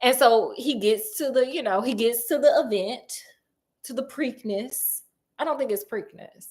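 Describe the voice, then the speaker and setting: Chatty slangy woman retelling a story for fun, keeps going off track, voice a bit high. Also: measured pace, darkish tone. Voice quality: chatty, slangy, self-interrupting. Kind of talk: casual comedic story retelling.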